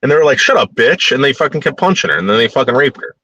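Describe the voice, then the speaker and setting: A man holds forth in a heated, profane rant, blunt and unfiltered. His voice is bright and edgy, and his pitch swings widely. The sound is close and dry, with no room around it. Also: animated, racing, no echo, dull audio. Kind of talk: ranting opinion monologue.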